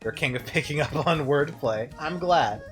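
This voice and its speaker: Bright and fairly high-pitched at a moderate pace, a young male streamer talks through his gameplay. His commentary is loose and foul-mouthed, full of chuckles, with game music faintly audible beneath.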